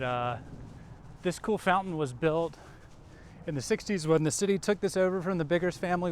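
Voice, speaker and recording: A local man walks and talks through an outdoor tour, easygoing and chatty, with plenty of ums and uhs. His voice sits a little high for a man. Faint traffic and outdoor ambience hum behind him. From Rock Hill area, South Carolina. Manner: easygoing, chatty, lots of fillers. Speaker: vlog host, local realtor-style guide. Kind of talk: casual walking tour vlog. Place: outdoors in a park and shopping plaza.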